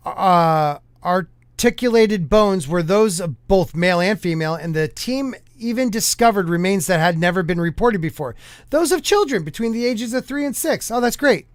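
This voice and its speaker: High, smooth-voiced joking podcast host. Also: male voice, dry recording. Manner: joking, stumbles over words while reading. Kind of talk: casual chat, reading old newspapers aloud.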